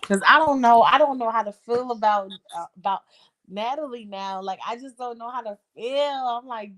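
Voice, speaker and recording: A young woman with a bright, sharp voice, pitched slightly high, chatting casually. She agrees emphatically and swears freely. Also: moderate pace. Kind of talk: casual chat.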